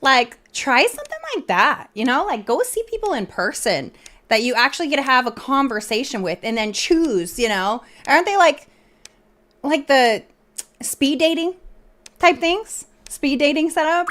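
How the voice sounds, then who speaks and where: A woman talking casually on a live stream, her voice sitting a little on the high side. She rambles from thought to thought, filling gaps with "like" and restarting her sentences. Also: lively intonation, normal speed, fairly bright tone. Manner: rambling, filler-heavy, chatty.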